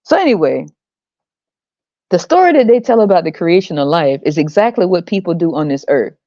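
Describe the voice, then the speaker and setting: A woman's voice: fairly low pitch, sing-song, fairly quick, warm tone, dry recording. An American woman hosting a podcast, ranting in a casual, profane, mocking way and laughing often. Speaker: podcast host. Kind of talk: casual monologue rant. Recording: dull lo-fi sound.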